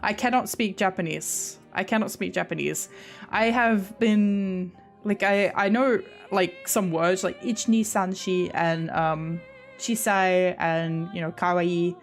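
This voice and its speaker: Slow-talking Australian woman streamer. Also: fairly low pitch, steady tone, faint music behind. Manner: rambling, self-interrupting, giggly. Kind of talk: casual live-stream chat with viewers.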